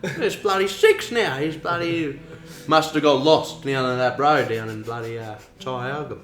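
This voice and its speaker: A man imitating a grumpy older rural Australian park owner who complains in a gruff, slow drawl. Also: medium pitch, echoey room, noisy background, pitched above the performer's own voice, close to an everyday voice.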